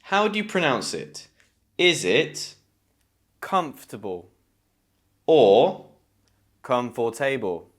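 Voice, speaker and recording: A man's voice: a little high, very animated, slow. A man with a British accent teaching English pronunciation, enunciating carefully and encouraging learners to repeat words. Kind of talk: scripted online lesson.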